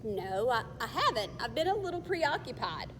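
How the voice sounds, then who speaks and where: A woman's voice: a little high, sing-song, normal speed, fairly bright tone. A woman voicing a proud, bossy young girl twin, prim and insistent, in a storybook reading. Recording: faint long reverb, faint hiss.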